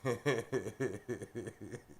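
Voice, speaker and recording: A man's voice: on the low side, drawn-out words, slight background noise. A man hosting a casual live stream from his forge, reading out chat names and laughing often at his own jokes. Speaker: livestream host. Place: forge workshop.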